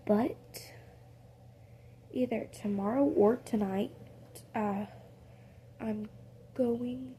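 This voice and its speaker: Slow, rambling woman with a gravelly voice. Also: fairly high pitch, slight background noise. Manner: rambling, stops to correct herself, full of fillers; drops into soft whispered asides. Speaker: storyteller. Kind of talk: casual improvised story narration.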